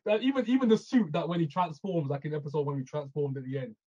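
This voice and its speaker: High-voiced excitable man, husky and lo-fi. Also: fast. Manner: excitable, laughs often, swears casually. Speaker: podcast co-host. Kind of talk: casual chat, TV review.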